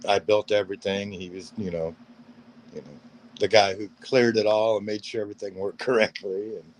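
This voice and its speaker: Low-voiced man telling a rambling story. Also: a little mellow, slight background noise, rough recording. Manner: rambling anecdotes acting out dialogue. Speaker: guest, paranormal gear builder. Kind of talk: casual storytelling interview.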